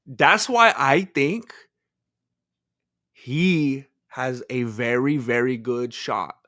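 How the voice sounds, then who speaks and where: A man's voice: mid-range voice, drawn-out words, pushed and bright, no echo, clean studio sound. A man co-hosting a podcast in casual chat, opinionated and rambling. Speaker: podcast co-host.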